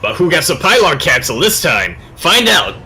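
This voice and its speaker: A man's voice: fairly high pitch, big pitch swings, moderate pace, bright, forceful tone, a little hiss or hum, low-quality recording. A man casting a live strategy game tournament with playful, jokey banter. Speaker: esports caster. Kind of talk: casual live game commentary.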